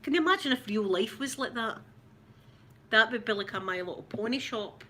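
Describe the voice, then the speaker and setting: Brisk and animated, this Scottish ASMR host in middle age chats on a livestream in a rambling way, welcoming viewers by name. Her voice sits on the high side and sounds a bit bright, with a little hiss or hum in the audio.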